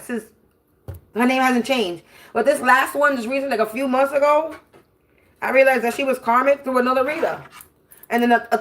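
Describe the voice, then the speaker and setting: A woman with a fairly high voice rants on her livestream, swearing often and circling back to the same phrases. She sounds confrontational and fired up, and laughs now and then mid-sentence. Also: fairly bright tone. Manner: profane, confrontational, repetitive. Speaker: spiritual livestream host. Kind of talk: ranting livestream monologue.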